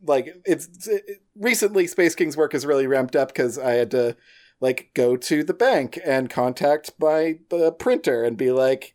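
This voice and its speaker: A man's voice: fairly high pitch, animated, measured pace, a little mellow. A man chatting casually as a podcast guest, talking about making games in a loose, rambling way with lots of restarts. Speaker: podcast guest, game designer.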